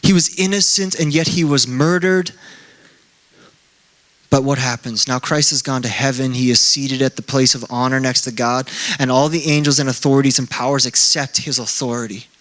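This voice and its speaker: A young man preaching a sermon as pastor, telling stories in a lively, self-mocking, conversational way. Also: mid-range voice, normal speed. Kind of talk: sermon with casual storytelling.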